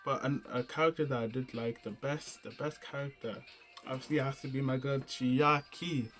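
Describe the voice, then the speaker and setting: A man's voice: mid-range voice, steady tone, moderate pace, fairly bright tone, faint music behind. Rambling young man reviewing games casually. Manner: rambling and slangy, often restarting and searching for words. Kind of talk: casual unscripted game review.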